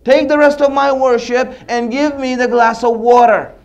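A man's voice: extremely high pitch, fairly even intonation, moderate pace, highs cut off, pitched above the performer's own voice. A man voicing a desperate, thirsty male monk who pleads and protests in a retold story. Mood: pleading. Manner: pleading, exasperated.

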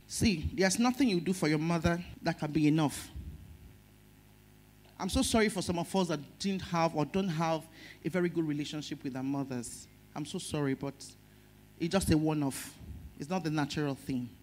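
Preaching at a normal speed in a low voice, a middle-aged Nigerian-accented woman delivers an emotional sermon as pastor. She shifts back and forth between loud stress and softly spoken words.

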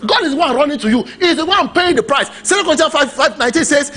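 A male pastor preaching a sermon, emphatic and animated, drawing responses from the congregation. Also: very high voice, fast talker.

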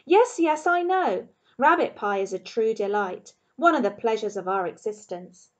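Woman playing a big bearded drifter, courteous, wry, gently teasing, storybook reading, muffled lo-fi sound. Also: medium pitch, expressive, normal speed, close to an everyday voice. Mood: amused. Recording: dull lo-fi recording.

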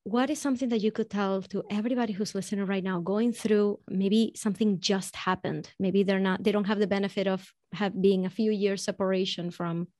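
A woman podcast host asking her guest measured, open-ended questions. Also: mid-range voice, fairly even intonation, darkish tone, dry recording, clean studio sound. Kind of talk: interview questions.

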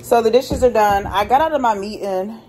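A woman's voice: fairly high pitch, normal speed, dark tone, slight background noise. A young woman, a single mom working from home, chatting candidly to her phone camera in a casual vlog, swearing now and then. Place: at home, laundry room and house.

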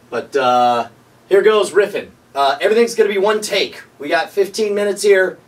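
A man chatting casually on set, relaxed and joking as he thinks aloud. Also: high voice, measured pace, distant mic. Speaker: comedic performer. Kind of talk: casual behind-the-scenes chat.

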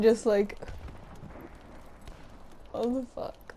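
A woman's voice: medium pitch, fairly even intonation, takes it slowly, pauses often, dark tone, slight background noise. A young woman giving casual, sweary commentary while playing a shooter game, laughing often and shrieking now and then. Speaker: gaming YouTuber.

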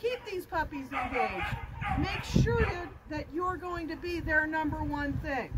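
A woman's voice: sits high, animated, unhurried, heavy background noise. A woman dog trainer in an instructional video, switching between explaining to viewers and cheerfully praising and coaxing a puppy.

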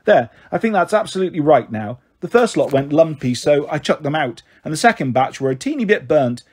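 A man's voice: on the high side, big pitch swings, fairly quick, darkish tone, husky. Man doing a sweet, coaxing storybook mum. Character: flighty affectionate young mother, a woman.

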